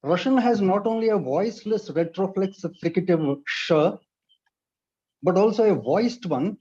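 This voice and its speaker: A man from India lecturing on pronunciation in a measured, precise, explanatory way, heard on a dull lo-fi recording. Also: high voice, animated, warm tone, husky. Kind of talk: read-aloud lecture.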